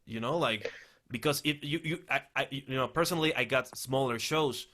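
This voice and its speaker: Bright-voiced man with a Mexican accent. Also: medium pitch, moderate pace. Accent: Mexican Spanish. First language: Spanish. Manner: teasing, joking questions. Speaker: guest comedian. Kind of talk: casual comedy chat.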